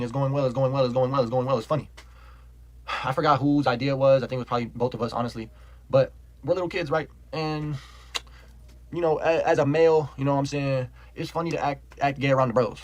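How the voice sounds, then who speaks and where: A man's voice: mid-range voice, a little hiss or hum, poor audio. A young man telling a casual storytime, rambling and profane, full of "like", laughing as he goes. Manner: rambling, profane, heavy use of "like"; animated, laughs while telling.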